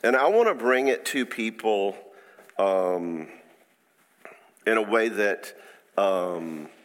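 A man speaking as a counselor, giving an informal faith-based teaching talk in a conversational, halting way with frequent restarts. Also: fairly low pitch, expressive, long reverb tail.

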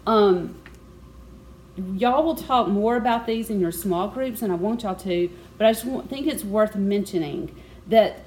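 A woman's voice: mid-range voice, a little mellow, slight background noise, low-quality recording. A woman teaching a Bible study group, talking conversationally and sharing personal asides.

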